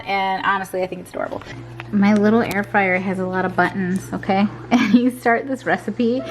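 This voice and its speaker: A young woman vlogging casually at home in her kitchen, chatty and rambling, often restarting her sentences. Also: mid-range voice. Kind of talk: casual chat to camera.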